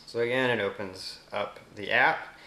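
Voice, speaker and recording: A man with a Southern US accent casually explaining a phone app, speaking voice commands slowly and clearly in between. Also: on the low side, pushed and bright. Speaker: app demonstrator. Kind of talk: casual screen demo narration. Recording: roomy echo.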